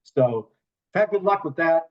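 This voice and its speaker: A man's voice: fairly high pitch, animated, normal speed, highs cut off. A man from the Boston area, a comedian guest, chatting casually and telling rambling stories with lots of swearing. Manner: rambling storyteller, swears freely, acts out quoted voices. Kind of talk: casual podcast chat.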